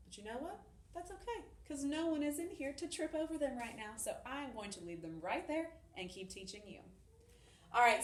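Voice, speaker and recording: A woman's voice: a little high, distant mic. A woman teaching a fourth-grade grammar lesson to children, upbeat and encouraging, explaining step by step. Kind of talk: recorded remote lesson for children. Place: empty classroom. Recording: echoey room, voice off-mic.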